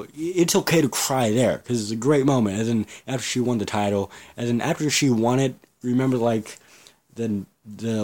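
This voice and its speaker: A man's voice: lowish voice, darkish tone. A man hosting a podcast alone, talking in a blunt, ranting way, swearing freely and often restarting his sentences. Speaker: podcast host. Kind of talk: casual solo podcast rant.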